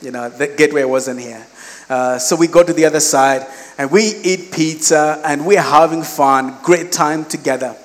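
A man's voice: fairly high pitch, moderate pace, long reverb tail. A man, preaching a sermon in a conversational, storytelling way. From Malawi. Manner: storytelling, animated quoted voices, conversational asides. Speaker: pastor.

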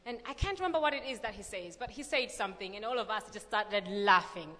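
A young woman reading scripture and then telling a lively personal story with many fillers at a church gathering. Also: mid-range voice, quick pace. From Malawi. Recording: long reverb of a large hall.

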